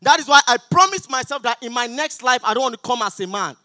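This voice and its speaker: A young Nigerian man with a Nigerian accent doing a stand-up comedy set on an auditorium stage, loud, pleading and mock-outraged with the crowd. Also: very high-pitched, animated, fast, no room sound. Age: young adult.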